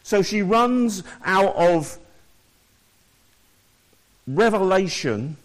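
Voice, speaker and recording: A male preacher with a fairly high voice works through a scripture passage. He reads it aloud, then stops to explain it to his listeners at a slow, measured pace. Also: animated. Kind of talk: sermon.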